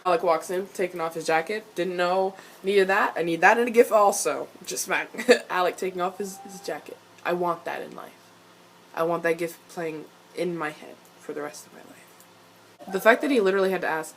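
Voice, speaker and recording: A woman reacting to a TV episode in casual, excitable rants, swearing often and turning exasperated. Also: lowish voice, moderate pace, slight background noise. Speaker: video reviewer.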